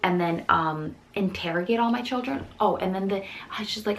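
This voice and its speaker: A woman's voice: mid-range voice, a bit bright, slight background noise, rough recording. A young woman and mother of four telling an upsetting story to camera, rambling with many restarts and quoted voices. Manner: rapid, rambling, full of restarts and quoted dialogue.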